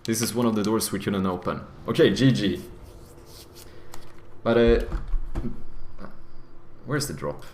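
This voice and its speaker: A man streaming a video game, chatting casually with swearing, laughing outbursts and sudden excitement. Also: on the low side, measured pace, long pauses, noisy background.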